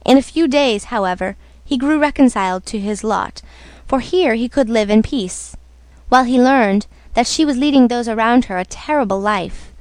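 Woman reading a storybook slowly. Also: on the high side, a little mellow, no echo. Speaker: story reader. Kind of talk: slow storybook narration on radio.

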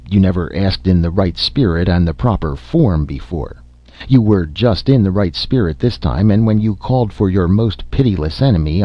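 A man's voice: deep voice, dry recording, muffled recording. A man voicing a small, spiteful male conscience spirit who mocks and sneers, in an audiobook reading. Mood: smug. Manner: sneering, scornful.

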